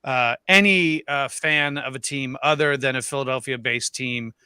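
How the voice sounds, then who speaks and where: Bright, clear man with wry jokes. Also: medium pitch, normal speed, no room sound. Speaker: guest. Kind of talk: casual panel chat.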